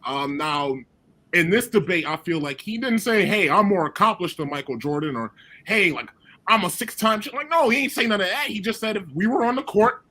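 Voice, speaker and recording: A man co-hosts a sports talk radio show, his voice a little high and bright. He raises questions in an easygoing, casual way. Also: very animated, brisk.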